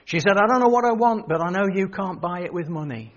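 A man's voice: high-pitched, lively intonation, quick pace. An older man preaching a sermon, telling stories and quoting the people in them. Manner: storytelling, quoting others, rising emphasis. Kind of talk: sermon with anecdotes. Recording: dull lo-fi sermon recording.

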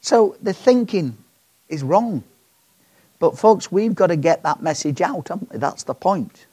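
A man's voice: sits high, animated, a little slow, warm tone, breathy edge, no room sound. A man preaching a sermon in a chatty, joking way, often asking the congregation questions.

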